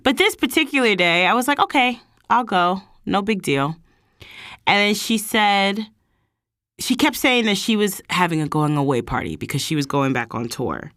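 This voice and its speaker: A woman's voice: moderate pace, dry recording, clean studio sound. A woman hosting her own vlog, casually telling a personal story and acting out what people said. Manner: animated, quotes people in higher voices. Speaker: vlog host.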